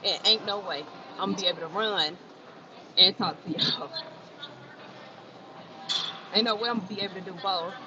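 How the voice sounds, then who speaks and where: A fitness livestreamer chats casually with viewers from an indoor gym, repeating phrases for emphasis. Her mid-range voice moves at a moderate pace with long pauses. The recording is muffled, with noisy gym ambience around her.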